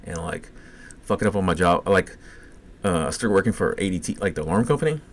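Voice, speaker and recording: Deep-voiced and animated, this podcast co-host from Louisiana speaks fairly quickly in Cajun English. He spins long, wandering personal stories full of profanity on a relaxed show.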